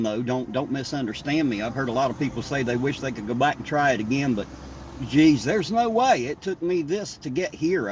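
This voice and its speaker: A man with a mid-range, darkish voice and a southern Ohio drawl chats on a live stream while driving at night. He's laid-back, folksy and rambling, picked up by a distant mic with faint road noise.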